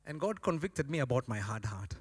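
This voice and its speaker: A man's voice: medium pitch, big pitch swings, brisk, slightly rough, long reverb tail. A man preaching a sermon as a pastor, telling stories animatedly and acting out voices.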